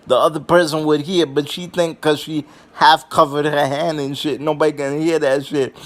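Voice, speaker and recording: A young adult man telling funny family stories in a casual, rambling way, swearing freely and filling gaps with "you know" and "um.". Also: a little high. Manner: rambling and profane, with many fillers and restarts. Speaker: vlogger. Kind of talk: casual comedic storytelling.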